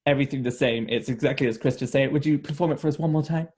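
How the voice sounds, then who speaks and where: A man's voice: medium pitch, rapid-fire, darkish tone, husky. A man co-hosting a casual lesson on verse, asking questions and lightly teasing his partner. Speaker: co-host leading questions. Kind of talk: casual teaching chat.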